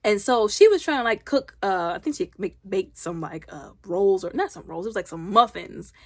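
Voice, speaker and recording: A woman talks through a movie recap in a loud, slangy, chatty way. Her pitch leaps up and down with every reaction, and the sound is close and dry. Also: lively intonation, normal speed, no room sound. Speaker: movie reviewer.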